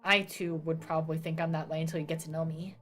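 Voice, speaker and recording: A woman's voice: deep voice, little pitch movement, fast talker, a bit bright, faint music behind. A young woman from New Jersey chatting casually as a streamer, ranting and swearing with self-mocking asides. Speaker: VTuber streamer.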